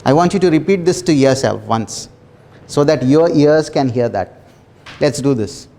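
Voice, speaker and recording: A man leading a small self-development workshop, talking earnestly with repeated phrases and soft laughs. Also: on the high side, animated, moderate pace, a little hiss or hum. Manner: earnest, repetitive, laughs softly between phrases. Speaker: workshop facilitator. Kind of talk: motivational workshop talk.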